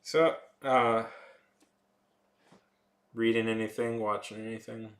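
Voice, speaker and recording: A man's voice: fairly low pitch, level tone, slow pace, roomy sound. A man chatting casually with his live-stream viewers, rambling with lots of fillers.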